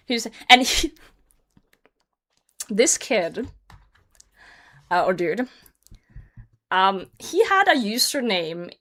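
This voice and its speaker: A young Norwegian woman, a native Norwegian speaker with a Norwegian accent, telling a story casually on her game livestream, animated, laughing often and swearing freely. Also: mid-range voice, slow, long pauses. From Norway. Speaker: game streamer.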